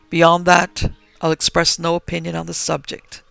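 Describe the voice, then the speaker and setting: A man reading a story aloud in a steady, measured way. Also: on the high side, vocal fry, clear, resonant tone, soft background music. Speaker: narrator.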